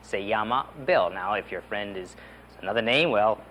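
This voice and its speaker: A man's voice: fairly low pitch, expressive, moderate pace, dull audio, slight background noise. Enthusiastic man teaching Spanish phrases. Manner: enthusiastic, drills phrases with repeat-after-me prompts. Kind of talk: animated language lesson.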